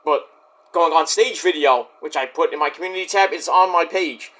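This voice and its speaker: A man's voice: fairly high pitch, normal speed, fairly bright tone. A man in a vlog ranting straight at his critics, defensive and indignant, swearing and rambling with restarts. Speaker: YouTube wrestling reviewer.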